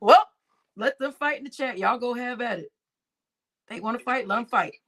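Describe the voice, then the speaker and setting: A woman's voice: a little high, animated, moderate pace, a bit bright. A woman hosting a livestream reaction show, talking indignantly and mockingly in casual commentary. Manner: indignant, mocking, repeats lines with laughter.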